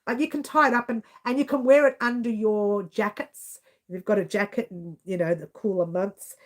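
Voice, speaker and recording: A woman's voice: medium pitch, steady tone, normal speed. A woman with an Australian accent chatting casually on a live stream, giggling and reading out viewer comments.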